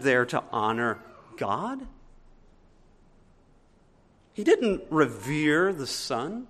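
Man, pastor, sermon, bright tense tone, lively pitch swings. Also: very slow, pauses often. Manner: preaching with swings between loud emphatic and quiet asides.

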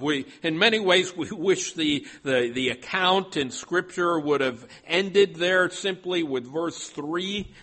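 A man's voice: medium pitch, bright, forceful tone. A male pastor preaching a sermon, stopping often and repeating his words as he goes.

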